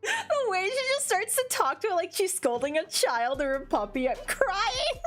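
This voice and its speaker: A young woman streamer chats casually in a high, fairly bright voice, rambling with lots of fillers and giggles. Her nose sounds a bit congested.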